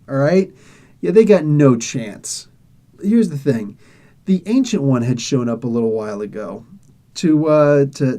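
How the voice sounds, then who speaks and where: A man's voice: a little high, mellow. A man reviewing comics, casually retelling a story with laughs and acted-out quoted lines.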